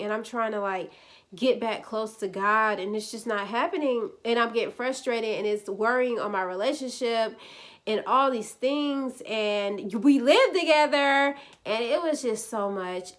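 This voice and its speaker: Young woman, twenties, casual confessional vlog, lots of fillers, mid pitch. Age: 20s. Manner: chatty, many "like" fillers, speaks to viewers as "y'all". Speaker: vlogger sharing a personal testimony.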